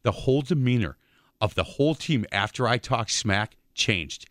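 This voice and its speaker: Chatty older radio host. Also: male voice, medium pitch, lively intonation, normal speed, a bit bright, dry recording, clean studio sound. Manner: chatty storyteller, acts out quotes. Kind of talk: casual sports talk interview.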